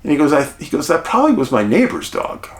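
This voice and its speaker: A middle-aged man, host of his channel, casually telling a story to the camera in a chatty, animated way, quoting the people he met. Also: on the high side, fast talker. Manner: chatty, animated retelling with quoted dialogue. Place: rural home outdoors.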